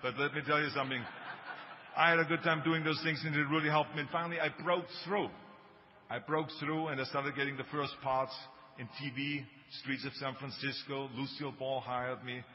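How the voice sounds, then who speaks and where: A man's voice: medium pitch, fairly even intonation, moderate pace. A man in his sixties with a German accent, giving a motivational speech with emphatic storytelling and joking asides. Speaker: speaker. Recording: dull, reverberant hall recording with faint noise.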